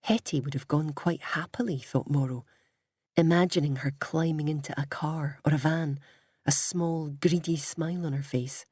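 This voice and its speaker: A woman's voice: low-pitched, steady tone, normal speed, darkish tone, breathy edge, no room sound, studio quality. A woman narrating an audiobook, reading expressively and voicing each character.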